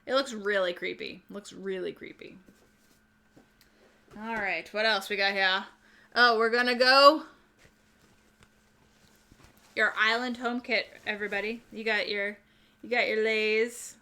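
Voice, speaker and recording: Bright-voiced woman chatting about board games. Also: medium pitch, fairly even intonation, a little slow. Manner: chatty, rambling, reads out viewer chat. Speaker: board game channel host. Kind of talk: casual chat showing new games.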